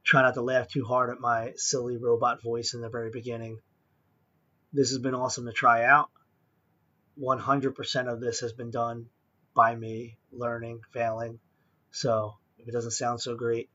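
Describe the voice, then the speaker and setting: A man's voice: mid-range voice, pushed and bright, dull audio. A man hosting a casual podcast, talking earnestly and appreciatively, rambling a little with fillers. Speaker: podcast host. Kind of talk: casual interview podcast wrap-up.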